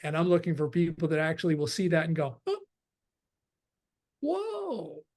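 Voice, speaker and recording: A man's voice: a little high, little pitch movement, fast talker, darkish tone. A man chatting on a video call webinar, rambling with restarts and acting out quoted dialogue. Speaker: webinar participant. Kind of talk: casual chat.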